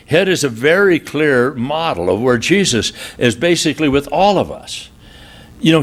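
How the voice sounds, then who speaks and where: Man, pastor, sermon, humorous storytelling, animated quoted voices. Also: medium pitch. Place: church retreat hall.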